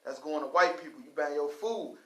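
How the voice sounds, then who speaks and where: A man speaks in casual slang, halting at first and then building his argument through repetition. His voice sits a little high. The room gives the sound an echo. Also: sharp tone.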